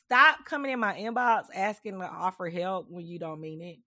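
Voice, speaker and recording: A woman's voice: lowish voice, lively intonation, normal speed, bright, forceful tone, no room sound, clean studio sound. A woman co-hosting a podcast in casual chat. She talks in a sassy, emphatic way, calls people "honey", and laughs between her points. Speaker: podcast co-host.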